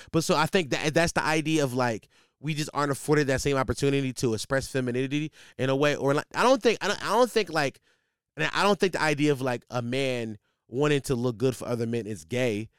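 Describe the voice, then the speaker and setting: A man's voice: medium pitch, a little fast, clear, resonant tone, no echo, studio quality. A man hosting a podcast, riffing casually and comically, rambling with lots of fillers and restarts. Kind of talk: casual comedic monologue.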